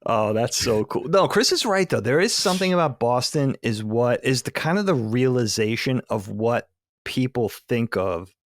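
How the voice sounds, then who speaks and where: A man's voice: medium pitch, animated, moderate pace, no room sound, studio quality. A man hosting a podcast, chatting casually and steering the conversation. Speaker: podcast host.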